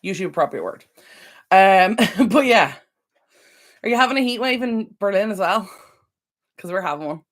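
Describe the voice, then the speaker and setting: A woman's voice: mid-range voice, animated, normal speed, pauses often. An Irish woman hosting a decluttering channel, chatting casually on a live stream, rambling and answering viewers' comments with sympathy. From Ireland.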